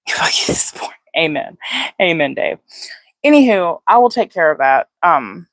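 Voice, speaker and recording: Low-voiced woman chatting on a livestream. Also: very animated, normal speed, dry recording. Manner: rambling, many fillers, greets viewers by name. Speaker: livestream host. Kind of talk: casual live chat. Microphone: phone.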